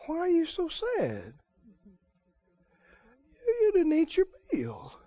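A man's voice: very high voice, huge pitch swings, takes it slowly, warm tone, no room sound, pitched above the performer's own voice, exaggerated voice. A preacher putting on a doting, coaxing queen. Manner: sweet-talking, pleading. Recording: dull lo-fi recording.

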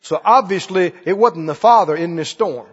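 High-voiced husky preacher in an echoey hall. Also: male voice, moderate pace, highs cut off. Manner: quizzes the congregation with repeated questions. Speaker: pastor. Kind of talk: sermon.

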